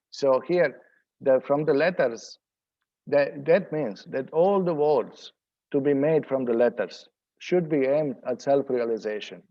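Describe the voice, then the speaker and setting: Mellow-voiced man teaching scripture. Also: mid-range voice, highs cut off. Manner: explanatory, pauses to translate word by word. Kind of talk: scripture study seminar.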